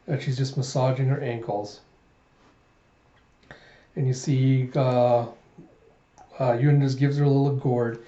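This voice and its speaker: Mellow-voiced man recapping a manga. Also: mid-range voice, flat delivery, measured pace, long pauses, roomy sound, dull audio. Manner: recaps with "he's like", acts out lines. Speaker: manga reviewer. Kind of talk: casual comic readthrough.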